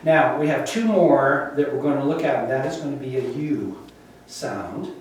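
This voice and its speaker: A mid-range-voiced man teaches a Bible Hebrew class, slowly drilling letters one by one and often asking "okay?" to check understanding. Recorded from the back of a very echoey classroom on a distant mic, the lecture carries faint noise.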